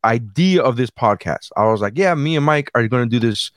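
A man co-hosting a casual podcast, telling stories in an animated way and swearing freely. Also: mid-range voice, fairly quick, no echo. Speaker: podcast co-host.

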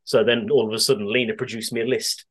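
A man's voice: mid-range voice, little pitch movement, fast, slightly rough. A man co-hosting a podcast in casual chat. He is laid-back, swears freely and laughs often. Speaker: podcast co-host.

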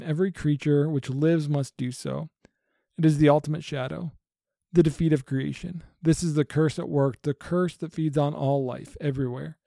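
A man reading the lines of a weary, sorrowful old spirit-like guide in a calm, solemn way, close to the mic. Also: a little high, creaky, no echo.

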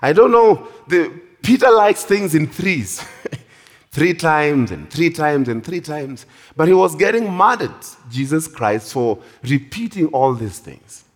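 Slow, animated high-voiced male preacher. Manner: animated, drawn-out emphatic delivery. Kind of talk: sermon. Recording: long reverb of a large hall.

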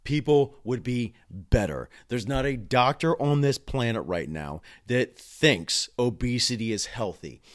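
A frustrated man rants into a camera at home, cursing freely and swinging between quick muttered asides and loud outbursts. His pitch sits in a middle range, and his delivery is raw and unscripted, like a vlog recorded on the spot. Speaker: home health nurse venting on camera. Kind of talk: angry ranting vlog.

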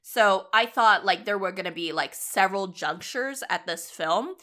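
A woman's voice: medium pitch, expressive, moderate pace, sharp tone. A woman co-hosting a podcast, chatting casually and sarcastically about a film, laughing often. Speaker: podcast co-host. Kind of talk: casual film review chat.

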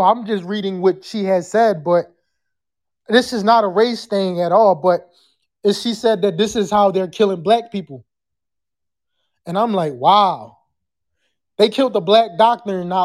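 A podcast host chatting live with callers and the chat, loud and profane, sometimes breaking into screams. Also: medium pitch, moderate pace.

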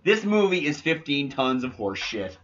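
A man's voice: on the high side, sing-song, normal speed, very noisy. A man in his forties hosting a casual movie chat, crude and wisecracking. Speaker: podcast host. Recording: lo-fi muffled recording.

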